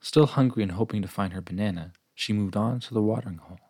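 A man reading a children's picture book aloud in gentle, even storybook narration. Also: on the low side, fast, no room sound, studio quality.

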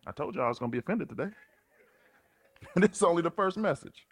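A man preaching a sermon in an animated, colloquial, playful way. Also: a little high, fairly quick. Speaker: pastor.

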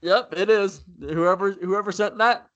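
A man co-hosting a casual sports podcast, talking in an animated way with frequent fillers and easy laughter. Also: sits high, a little slow, muffled recording. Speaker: podcast co-host.

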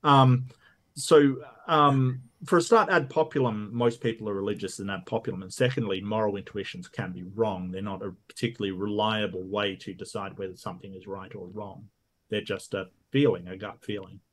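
A man's voice: fairly low pitch, fairly even intonation, normal speed. A man making his case in a debate, firm and dismissive of opposing points. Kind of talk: debate argument.

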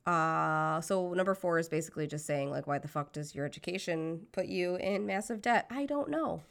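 A woman's voice: lowish voice, animated, moderate pace, gravelly. An American woman co-hosting a podcast over a remote call, speaking in outspoken casual chat and swearing freely. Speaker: podcast co-host. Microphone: remote call, connection drops.

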